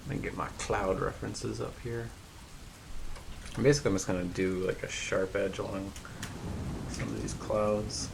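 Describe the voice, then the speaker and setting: A man hosting a live painting stream, chatting casually and rambling with many fillers, in a fairly even tone. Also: on the low side, moderate pace, creaky, long pauses, a little hiss or hum. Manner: says his voice rarely goes up or down.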